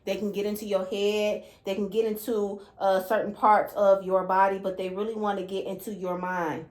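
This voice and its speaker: A woman's voice: mid-range voice, level tone, moderate pace. A woman hosting her channel, giving a casual spiritual card-reading talk in an emphatic way and checking in with "okay?" after nearly every point. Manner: emphatic, keeps adding "okay?" and "all right?". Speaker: channel host, card reader.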